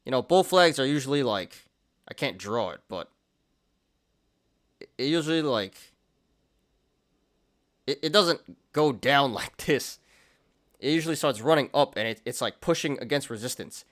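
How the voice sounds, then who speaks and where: Brief: young male host, casual market commentary, loose and chatty, laughs a lot, middle pitch. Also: a bit bright. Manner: chatty, laughs often, many fillers and restarts. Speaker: stock and crypto show host.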